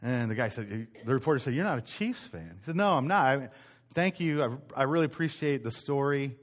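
A man's voice: mid-range voice, animated, fairly quick. A man pastor giving a casual, conversational sermon, telling stories with frequent restarts in a church meeting room. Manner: conversational storytelling, self-interrupting restarts.

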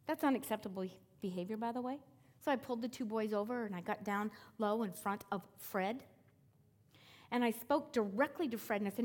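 A woman preaching and telling a story, her delivery swinging from emphatic rising calls to hushed near-whispers. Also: sits high, in a large hall. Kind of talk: sermon with storytelling.

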